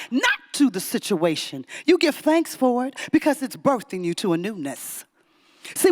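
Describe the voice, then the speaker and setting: A woman delivers a Sunday talk as a storyteller. Her pitch swings widely as she acts out different voices. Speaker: guest speaker.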